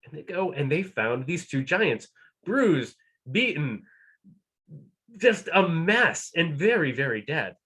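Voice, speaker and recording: Man storyteller, breathy, lively delivery, unhurried, for a folk tale read. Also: a little high. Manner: animated, playful, shifts between hushed and loud. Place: live storytelling event.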